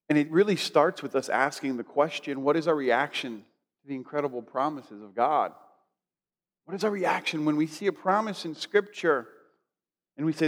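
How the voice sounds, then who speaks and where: Pastor, male, chatty preacher, slightly high voice, echoing sanctuary. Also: brisk. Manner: conversational, preacherly, leads congregation in declarations. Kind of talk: sermon. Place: church sanctuary. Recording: long hall reverb.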